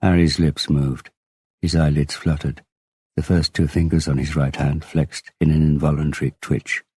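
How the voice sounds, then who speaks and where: A man narrating a crime novel audiobook in a measured, unhurried reading. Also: very deep voice, flat delivery, dark tone, husky, no echo, clean studio sound. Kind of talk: scripted narration.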